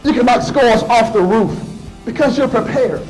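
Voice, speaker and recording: A man in his thirties giving a motivational speech to students, telling stories in an animated way and acting out voices and sound effects. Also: very high voice, moderate pace, faint music behind, low-quality recording. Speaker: motivational speaker. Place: school assembly.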